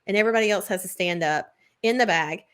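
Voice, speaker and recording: A young woman chats casually on a podcast, spinning a long anecdote. She talks in a loose, rambling way, leaning on "like" and laughing easily. Her voice sits at an everyday middle pitch. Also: quick pace, fairly bright tone. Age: 20s. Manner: chatty storyteller, lots of "like" and laughs. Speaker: podcast co-host. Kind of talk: casual chat.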